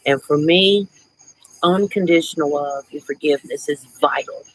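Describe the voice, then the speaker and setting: A woman's voice: low-pitched, moderate pace, dry recording, rough recording. A middle-aged woman hosting a casual live chat, talking in a reflective, chatty way and breaking into laughs. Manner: chatty, reflective, laughs often, greets viewers warmly. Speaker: livestream host.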